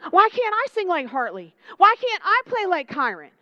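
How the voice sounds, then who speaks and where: Young woman preacher, high voice, dry and close, chatty and animated delivery with lots of questions to the crowd. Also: moderate pace, no echo, highs cut off. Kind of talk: sermon.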